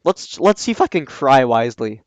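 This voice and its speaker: A man reading a story aloud and breaking in with sarcastic, scoffing asides, often pausing with ums. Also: mid-range voice, very animated, no echo, poor audio. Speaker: reader and commentator. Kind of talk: reading a fan story aloud with mocking commentary.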